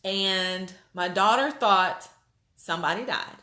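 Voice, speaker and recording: A woman vlogger telling a story to her viewers in a casual, animated way, with lots of fillers and restarts. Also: medium pitch, takes it slowly. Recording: roomy echo.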